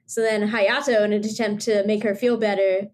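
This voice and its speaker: A woman hosting a podcast in casual chat, retelling a story in an animated way, acting out characters and laughing often. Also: mid-range voice, normal speed. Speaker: podcast host.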